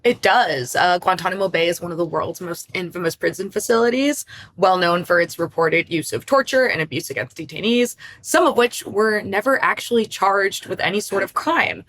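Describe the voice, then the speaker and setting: Female co-host, bright tone, informative. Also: fairly low pitch, expressive, normal speed. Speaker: podcast co-host. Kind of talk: politics podcast chat.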